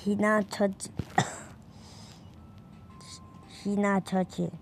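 Woman, gameplay commentary, slow unhurried delivery, confused rambling, faint background noise. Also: mid-range voice, little pitch movement, gravelly. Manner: confused, rambling reactions to the game. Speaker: gamer.

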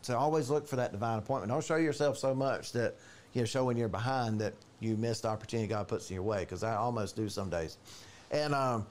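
A man preaching a conversational sermon in a church, animated and chatty, acting out quoted voices. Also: brisk. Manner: animated, storytelling, jumps to higher pitch for quoted voices. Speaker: pastor.

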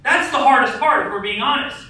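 A pastor delivers a sermon in a church sanctuary, his very high-pitched male voice bright and forceful at a slightly fast clip. He speaks conversationally, tossing in frequent "right?" asides and stories about his family. The echoey hall picks him up from a distance with faint noise.

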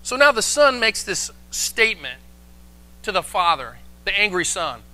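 A man preaching a sermon as pastor, animated and acting out the voices he quotes. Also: high voice, measured pace. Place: church, live stream.

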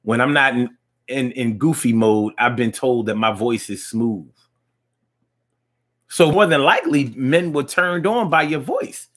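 A man hosting a call-in show, reacting to comments in a loose, slangy, animated way. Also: medium pitch, measured pace. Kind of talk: casual live show chat reading comments.

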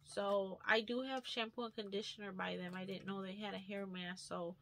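Young woman vlogger, casual unboxing chatter, middle pitch, rambling delivery, faint background hiss. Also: fairly even intonation, moderate pace, fairly bright tone. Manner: chatty, rambling, lots of "like" fillers. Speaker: beauty vlogger. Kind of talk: casual haul unboxing chat.

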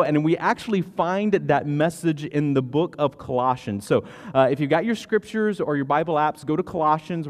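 A pastor in his thirties preaches a sermon in a church sanctuary, telling stories conversationally and restarting his sentences again and again. His voice is a little high and a little mellow. The recording is washed in long church hall reverb.

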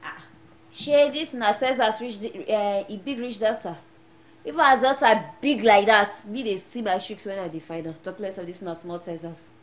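An actress playing a brash young Nigerian woman just arrived in America, speaking with a Nigerian Pidgin accent and boasting loudly. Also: mid-range voice, normal speed, natural voice. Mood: pleading. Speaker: newly arrived immigrant. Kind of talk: film acting. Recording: echoey room, faint noise.

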